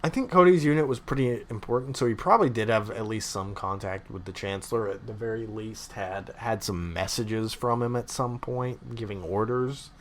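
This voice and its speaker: A young man hosting a podcast, chatting casually and ranting with animated, opinionated energy. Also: lowish voice, moderate pace, few pauses, slight background noise. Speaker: podcast host. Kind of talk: casual chat.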